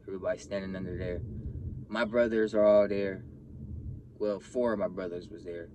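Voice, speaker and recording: A man's voice: sits low, fairly even intonation, normal speed, a little mellow, slight background noise. A young man telling a personal story in casual, profane street slang, acting out the other people's lines. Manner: blunt, profane street slang, acts out quotes with raised voice.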